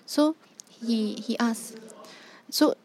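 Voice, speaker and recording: Lady preaching, kinda high voice, hammers the same questions over and over. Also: very slow, a little mellow. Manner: emphatic, repeats rhetorical questions. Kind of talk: sermon.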